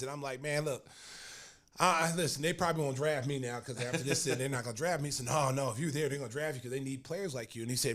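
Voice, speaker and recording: Animated man telling a story. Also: fairly high pitch, quick pace. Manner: acts out other people's lines in the story. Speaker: podcast host.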